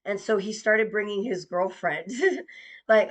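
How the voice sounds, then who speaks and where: A woman's voice: mid-range voice, steady tone, takes it slowly, dull audio. Sarcastic young woman telling a story. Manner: sarcastic, mocking and profane. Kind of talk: personal storytelling monologue.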